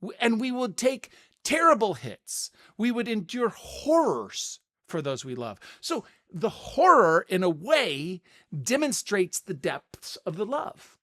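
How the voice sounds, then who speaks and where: A middle-aged man hosting a casual podcast, talking through ideas in an animated way and often repeating words as he thinks. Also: high-pitched, slow pace. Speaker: podcast host. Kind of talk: casual spoken commentary.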